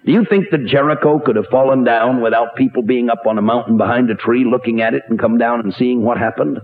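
Animated preacher on tinny old radio. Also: male voice, quick pace. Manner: animated, rhetorical questions, wide swings in pitch. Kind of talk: radio sermon. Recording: tinny narrow-band radio recording.

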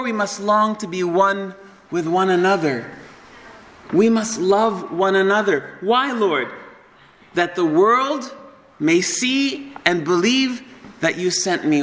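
High-voiced preacher in a reverberant hall. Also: male voice, fairly bright tone, slight background noise. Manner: impassioned, swings between fast bursts and slow solemn stresses. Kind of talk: sermon.

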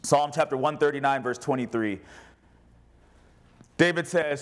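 A man preaching as a pastor, animated, rising to loud cries and dropping to quiet asides. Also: fairly high pitch, unhurried, long pauses. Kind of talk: sermon.

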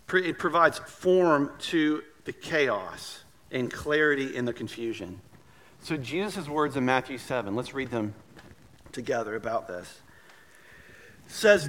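Lively, conversational male preacher. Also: medium pitch, measured pace, slight background noise. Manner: conversational storytelling with light humor. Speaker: pastor. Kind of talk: sermon.

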